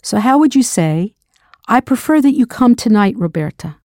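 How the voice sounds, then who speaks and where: A woman narrates a scripted audio language lesson with a warm, mellow tone. She is recorded close and dry. She patiently poses drill questions and confirms each answer. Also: fairly high pitch, big pitch swings, normal speed, dry recording. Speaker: language teacher.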